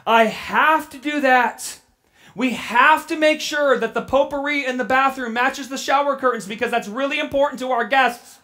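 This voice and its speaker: Excitement makes this woman pastor repeat her words as she preaches with lively energy, before she settles into a gentle, low, thoughtful tone.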